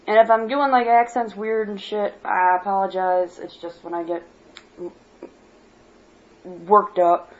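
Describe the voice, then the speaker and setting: A woman's voice: mid-range voice, fairly even intonation, a little slow, long pauses. A woman from Michigan giving a worked-up personal monologue as a vlogger, blunt and swearing freely. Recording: dull lo-fi home recording.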